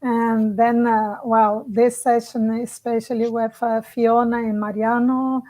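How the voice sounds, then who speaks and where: A woman's voice: fairly high pitch, flat delivery, mellow, rough recording. A woman speaking hesitantly at a conference over a video call. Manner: slow, hesitant, with many fillers. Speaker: panel speaker. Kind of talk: conference talk.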